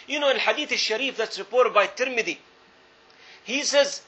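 A man's voice: very high-pitched, normal speed, pushed and bright. A man preaching a sermon, telling a story earnestly and repeating phrases for emphasis. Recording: dull lo-fi recording.

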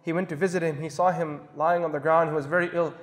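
Guy preaching really fast, high voice, passionate, lots of repeating himself, big hall echo. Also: level tone. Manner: impassioned, repeats phrases for emphasis. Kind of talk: storytelling sermon.

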